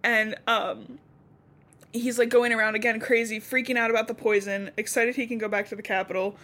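A woman's voice: a little high, flat delivery, brisk, fairly bright tone. A young woman co-hosting a podcast, casually recapping a novel and acting out the characters' lines as she goes. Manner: chatty, acts out dialogue in quotes. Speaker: podcast co-host.

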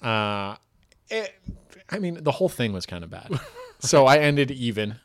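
A man's voice: mid-range voice, big pitch swings, measured pace, dry recording. A man, a comedian, chatting casually in a rambling, self-deprecating way, full of "like". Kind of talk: casual chat.

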